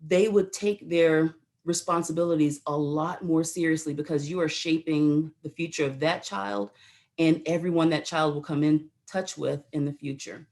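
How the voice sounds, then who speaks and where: Animated storytelling woman, low voice. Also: normal speed. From United States. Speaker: guest, retired Army colonel. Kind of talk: storytelling in a talk show interview.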